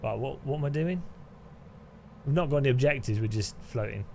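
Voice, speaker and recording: A man's voice: medium pitch, brisk, creaky, darkish tone, slight background noise. A man talks to his live-stream chat while playing a game. He rambles, restarts sentences often, and laughs a lot. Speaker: gaming streamer.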